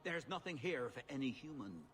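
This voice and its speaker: An actor voicing a wary, threatening elf guard in a video game, with a put-on Irish accent. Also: male voice, medium pitch, animated, normal speed, a bit bright, lightly acted. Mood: hostile. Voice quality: threatening, clipped.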